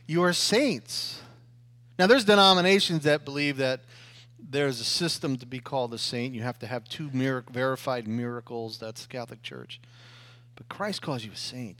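A middle-aged man preaching a sermon, telling his own story with loud emphasis and hushed asides. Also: medium pitch, lively intonation, measured pace. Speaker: pastor.

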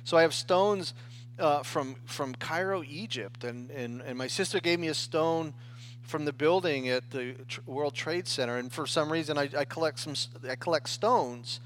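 A man with a high voice delivers a sermon in an easy, conversational way. He talks the way people do in everyday speech, restarting phrases and often pausing to check in with his listeners. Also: a bit bright, a little hiss or hum. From United States. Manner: conversational preaching with frequent "right?" and restarts. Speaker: pastor.

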